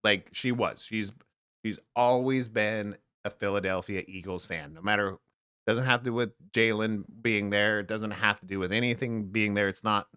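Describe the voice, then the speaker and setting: A man's voice: on the low side, steady tone, normal speed, sharp tone, smooth, dry recording, clean studio sound. A man with an American accent co-hosting a podcast, chatting casually in a joking, rambling way. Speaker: podcast co-host. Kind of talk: casual chat.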